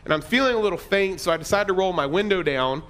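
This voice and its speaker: A man's voice: high voice, lively intonation, fast talker, a bit bright. A middle-aged man pastor telling a personal story in a conversational, self-deprecating sermon.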